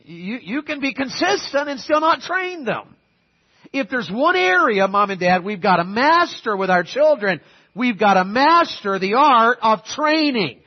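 A man preaching in a church auditorium with a fairly high, husky voice. He keeps it conversational, asks his congregation questions and acts out the parents he quotes. The recording sounds a little dull and lo-fi. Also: very animated, a little slow. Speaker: pastor. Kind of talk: sermon.

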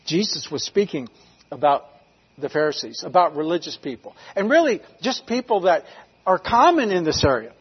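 A pastor from North Carolina preaches with emphasis, his voice high for a man and husky. He swings from loud declarations to near-hushed lines. The recording sounds a little dull and lo-fi. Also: very animated, moderate pace, in a large hall. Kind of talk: sermon.

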